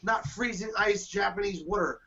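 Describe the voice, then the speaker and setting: A man's voice: high-pitched, moderate pace, dull audio, a crowd in the background. A man from the United States, a guest in a casual chat, loose, chatty and profane.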